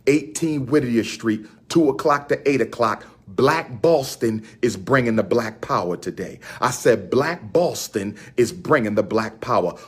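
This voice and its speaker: A man's voice: mid-range voice, lively intonation, measured pace, hardly any pauses, slightly rough. A man from Philadelphia speaking straight to his audience, with a preacher-like fire, repeating his announcements and event details like a chant. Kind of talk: impassioned direct-to-camera address.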